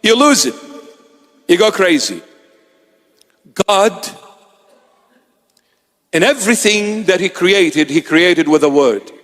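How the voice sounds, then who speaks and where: A bishop delivers a sermon in a high-pitched, expressive, slightly bright male voice, speaking slowly with frequent pauses. He tells stories and performs the voices of the characters in them, in a hall with long reverb.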